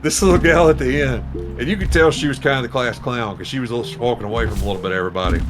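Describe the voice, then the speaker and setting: Man, mid-pitch, spinning a long profane anecdote, music underneath. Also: rapid-fire. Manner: animated, profane anecdote-telling. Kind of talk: casual storytelling.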